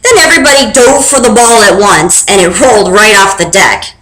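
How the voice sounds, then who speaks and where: Woman, young adult, children's book read-aloud, bright voice, expressive. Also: medium pitch, a little fast, a little hiss or hum. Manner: expressive, animated storytelling. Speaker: reader. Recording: roomy echo.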